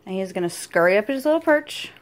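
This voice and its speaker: A woman filming a casual vlog at home, talking affectionately to her pet in cooing baby talk that grows soft and hushed. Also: mid-range voice, lively intonation, fast talker. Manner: soft and hushed when petting. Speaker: vlogger and pet owner.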